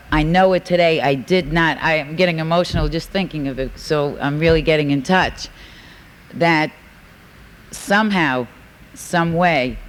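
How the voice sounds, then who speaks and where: A woman's voice: sits low, poor audio. A woman speaking to a convention crowd, rambling and heartfelt, full of fillers. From New York. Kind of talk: recovery share at a convention. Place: large convention hall. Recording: faint hiss from a 1980s tape.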